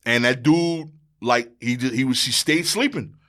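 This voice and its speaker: A man's voice: animated, moderate pace. A man, a stand-up comedian telling a slangy story as a podcast guest, acting out the people in it. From Brooklyn, New York. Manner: slangy, acts out quoted exchanges, voice drops low and quiet near the end. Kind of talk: animated storytelling in casual chat.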